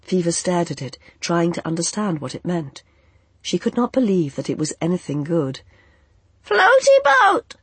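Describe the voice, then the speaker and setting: Breathy, soft-voiced audiobook narrator. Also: mid-range voice, moderate pace, no echo. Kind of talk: scripted fantasy narration.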